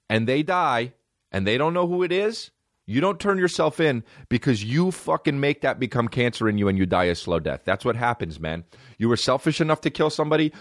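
Male podcast host, low-pitched, swears a lot, rambles through comic rants, dry sound. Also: no echo. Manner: profane, rambling, animated rants. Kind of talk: rambling comedic monologue.

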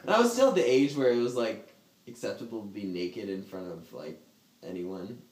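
A man's voice: on the low side, lively intonation, moderate pace, darkish tone. Casual male storyteller, rambling and laughing, fillers galore, roomy echo. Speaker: storyteller in a group chat. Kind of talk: casual chat.

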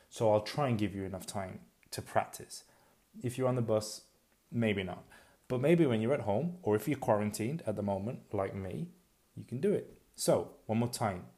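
Guy doing a language lesson, says words over and over, mellow easygoing voice. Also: on the low side. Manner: slow, repetitive drilling with pauses for practice; chatty and self-deprecating. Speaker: language teacher.

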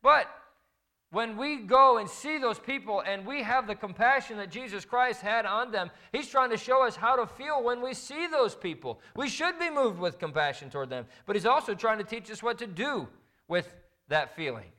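A man's voice: extremely high pitch, animated, normal speed, pushed and bright. A middle-aged man preaching a sermon in a fervent, emphatic style. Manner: impassioned, building to fervent emphasis. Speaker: pastor.

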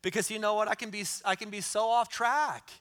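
A man's voice: high-pitched, steady tone, fairly quick, fairly bright tone. A middle-aged man preaching a sermon in an earnest way, repeating key lines for emphasis. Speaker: pastor.

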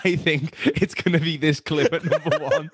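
Man, co-host, jokey banter, lively upward voice, dry close sound. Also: fairly high pitch, moderate pace, no room sound. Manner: jokey, laughs often, stumbles and restarts. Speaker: podcast co-host. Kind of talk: casual chat.

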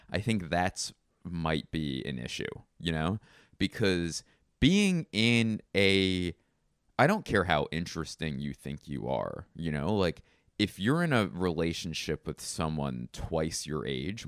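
A man hosting a comedy podcast, rambling through deadpan absurd asides. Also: low-pitched, dry recording, clean studio sound. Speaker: podcast host.

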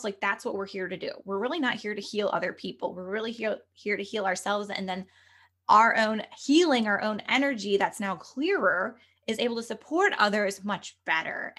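A woman's voice: medium pitch, fairly bright tone. A woman speaking as a guest medium and spiritual coach on a podcast, talking earnestly and chattily, full of "like" and "you know". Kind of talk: conversational podcast interview.

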